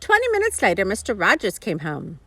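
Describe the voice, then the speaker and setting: Animated woman reading a storybook. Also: medium pitch, a little fast, slightly rough, no room sound. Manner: animated, expressive, chuckling asides. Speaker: storybook reader. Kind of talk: children's story read-aloud.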